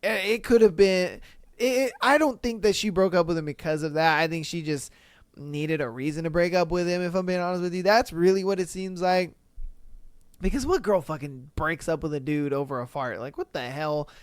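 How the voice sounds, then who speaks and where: Smooth-voiced man, incredulous podcast host. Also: fairly high pitch, normal speed, dry recording. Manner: animated, swearing, incredulous commentary. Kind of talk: casual solo podcast reading listener stories.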